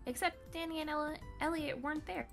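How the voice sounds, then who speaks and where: A woman narrates a visual novel aloud for her friends in a playful, joking way. Her voice sits a little high. Faint music plays behind her. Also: steady tone, fast talker, vocal fry, a bit bright. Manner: playful, breaks off to joke and laugh. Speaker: narrator reading the game.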